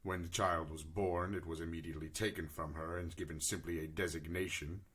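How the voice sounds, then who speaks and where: A man telling his character's sad backstory slowly and gravely during a tabletop role-play. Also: sits low, steady tone, a bit bright. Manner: slow, grave storytelling in character, breaking into laughter. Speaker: player voicing his character.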